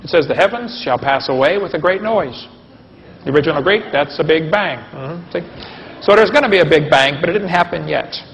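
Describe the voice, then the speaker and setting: Man, gravelly voice, fairly high pitch, folksy joking lecturer, questions to audience, dull lo-fi recording, long hall echo. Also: lively intonation, fairly quick, fairly bright tone. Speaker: creation science lecturer. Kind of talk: humorous live lecture to an audience.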